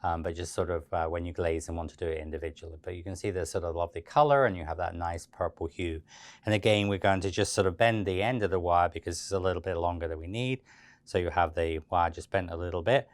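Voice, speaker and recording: A man giving a relaxed, chatty step-by-step cake decorating tutorial, with frequent fillers and restarts. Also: low-pitched, fast talker, no echo.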